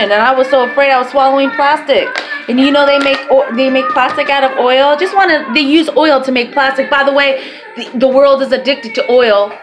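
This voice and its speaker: A woman's voice: high-pitched, rough recording. A woman talking to her camera in a rambling, chatty way, swearing freely. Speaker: vlogger. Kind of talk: casual talk to camera. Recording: music playing behind voice.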